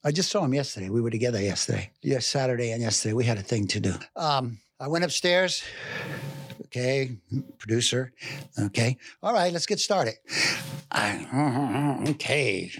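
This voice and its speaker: An older man with a New York accent, telling an animated story in an interview and acting out scenes and voices. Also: mid-range voice, normal speed, slightly rough, no room sound, clean studio sound. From New York City. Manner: lively storyteller who acts out voices and scenes. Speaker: actor telling stories.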